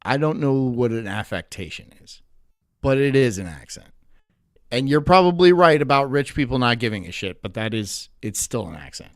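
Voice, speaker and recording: A man's voice: mid-range voice, normal speed, no room sound. Streamer guy ranting and cussing, voice jumps all over, dead dry close mic. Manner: animated, swears freely. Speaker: streamer host. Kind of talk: live stream commentary.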